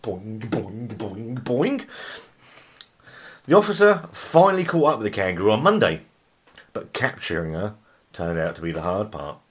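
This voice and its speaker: Lively joking man reading odd news. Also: on the low side. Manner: reads headlines aloud, breaks off to laugh and riff; stumbles over words and apologises. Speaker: podcast host.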